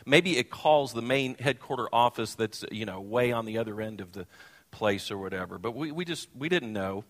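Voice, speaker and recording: A male pastor telling a funny personal story in a sermon, animated and self-deprecating. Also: medium pitch, moderate pace. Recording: long hall reverb.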